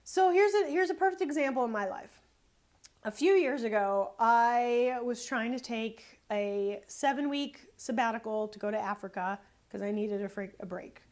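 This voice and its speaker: A woman photographer and small business owner giving casual sales advice through a story, animated and exasperated, repeating words for emphasis. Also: on the high side, moderate pace.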